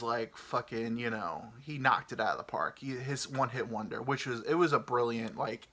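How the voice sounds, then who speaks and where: Animated rambling male storyteller. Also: medium pitch. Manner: animated, rambling, full of fillers and swearing. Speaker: podcast host. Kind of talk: comedic storytelling.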